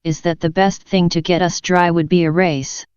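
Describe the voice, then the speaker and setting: A woman's voice: lowish voice, little pitch movement, normal speed, darkish tone, smooth, no room sound, natural voice. A woman voicing a pompous talking dodo bird in a storybook reading, announcing things with self-importance. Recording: dull lo-fi dry recording.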